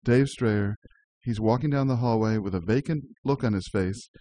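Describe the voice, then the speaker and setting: A man's voice: on the low side, moderate pace, warm tone, no room sound. Chatty man hosting radio. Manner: chatty, laughs easily, restarts often. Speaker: radio show host. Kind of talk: casual community radio chat.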